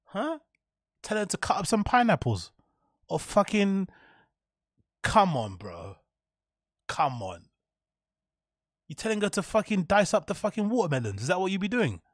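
A young man streams live and riffs on his chat with profane, mock-outraged energy. His voice sits fairly high and swings widely in pitch. The sound is close and dry. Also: wildly swooping pitch, normal speed, pauses often, no echo. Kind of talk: live reaction commentary to chat.

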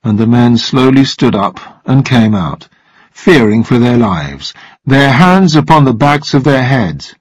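A man narrating a story in a slow, even reading voice for language learners. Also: medium pitch, no room sound, poor audio.

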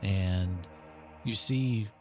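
Slow, halting game master man. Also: lowish voice, music in the background. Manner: hesitant, halting with fillers. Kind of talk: narrating a tabletop game.

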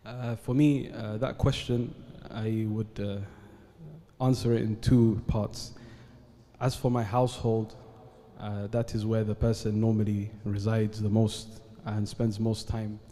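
Dark-voiced man in a reverberant hall. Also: fairly low pitch, level tone. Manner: measured and earnest, with frequent "uh" pauses and Arabic formulas. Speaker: guest speaker on a panel. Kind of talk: formal talk at a live event. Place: event hall at an Islamic centre.

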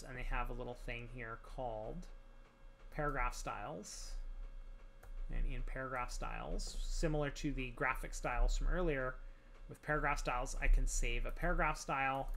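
Man, tutorial voice-over, unhurried, gravelly, faint background hiss. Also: mid-range voice. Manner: relaxed, many ums and restarts while working. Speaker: tutorial instructor. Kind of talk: screen-recorded software tutorial.

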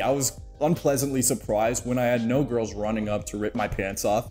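A man's voice: mid-range voice, darkish tone. A man narrating his own video essay in a playful, jokey way, with mock-dramatic asides.

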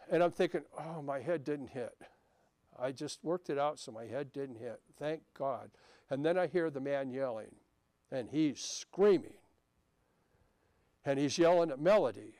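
A man's voice: a little high, a little mellow, clean tone, no echo. A male pastor telling a personal story during a sermon in a conversational, anecdotal way. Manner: anecdotal, conversational with frequent restarts. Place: church sanctuary.

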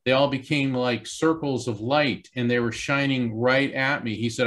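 Man, mid-pitched voice, earnest, emphatic, storytelling on a video call. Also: steady tone, normal speed, a bit bright. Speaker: psychic guest. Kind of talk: storytelling in an interview.

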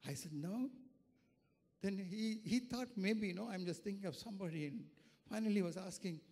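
A male pastor giving an earnest sermon that moves from a quiet personal testimony to fervent preaching, recorded in a church sanctuary. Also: high voice, fairly quick. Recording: reverberant church hall.

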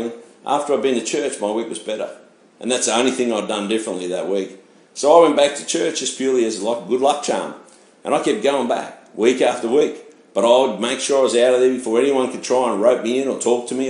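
A man, a pastor giving his testimony in animated storytelling, acting out the voices of people he met. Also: medium pitch. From Australia. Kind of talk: personal testimony sermon. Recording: echoey room.

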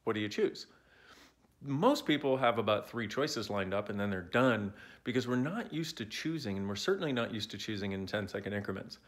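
A man in his forties speaks casually into a phone held at arm's length, coaching viewers in a playful, wandering way. His pitch swings widely and freely, and he drifts off on side jokes before circling back. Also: brisk. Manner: animated, playful, digressive. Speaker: self-help speaker. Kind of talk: casual talk to camera.

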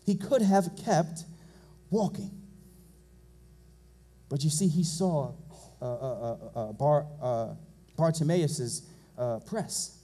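A man preaching a sermon in a high yet mellow voice. He repeats his phrases with fervor and climbs into full shouts. The setting is a church pulpit. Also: lively intonation, slow, pauses often. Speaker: pastor. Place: church sanctuary.

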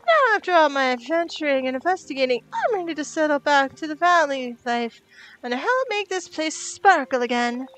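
A woman's voice: high-pitched, big pitch swings, moderate pace, fairly bright tone, voice pushed up, low-quality recording. A woman voicing a glamorous, theatrical female cartoon duck in a put-on accent with posh, dramatic phrasing.

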